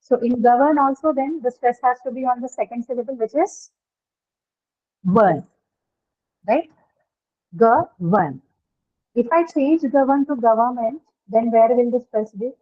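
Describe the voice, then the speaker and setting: A woman with an Indian English accent teaches an online class over a video call, explaining step by step and checking that students understand. Her voice is a little high at a normal speed, and the line sounds tinny, like a phone.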